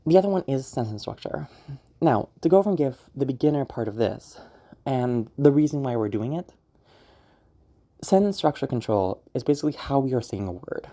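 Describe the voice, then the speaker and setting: A woman's voice: a bass voice, lively intonation, a little fast, mellow. A woman explaining voice acting technique in a casual, rambling tutorial, often repeating herself as she goes. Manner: chatty, explanatory, rambling with many "again"s. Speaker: voice acting teacher.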